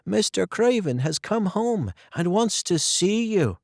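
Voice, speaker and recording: A man voicing a brisk, kindly young housemaid in a storybook reading. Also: sits high, very animated, creaky, dry recording, studio quality, pitched above the performer's own voice, full character voice. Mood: bright.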